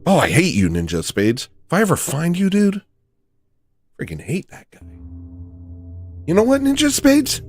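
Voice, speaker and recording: A man hosting a livestream, rambling through a comedic monologue and acting out shouting kids. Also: sits high, normal speed, pauses often. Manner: animated, jokey, often mimics shouting kids. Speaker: livestream host.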